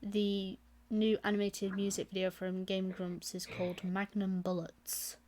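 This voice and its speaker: A woman chatting on her live stream, giggling often between lines. Her pitch sits mid-range for a woman. A faint hiss sits under her voice. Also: monotone, measured pace. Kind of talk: casual stream chat.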